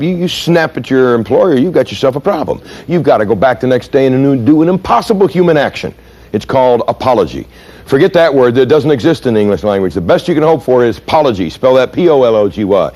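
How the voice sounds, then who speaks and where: A man's voice: mid-range voice, quick pace. A middle-aged man giving a seminar lecture, telling stories and acting out voices and sounds to make his points. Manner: animated, dramatic storyteller, mimics voices and sounds. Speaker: seminar speaker. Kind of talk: lecture with acted examples.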